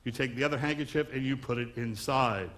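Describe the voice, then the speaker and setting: A man's voice: mid-range voice, fairly quick, a bit bright. A man from Long Island doing a stand-up comedy magic act, wisecracking patter on stage before a live audience. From Long Island, New York.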